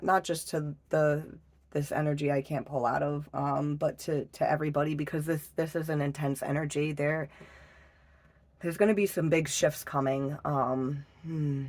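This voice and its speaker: A woman giving a casual tarot reading, emotional and halting, swearing often and restarting her sentences. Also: sits low, a little mellow. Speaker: tarot reader.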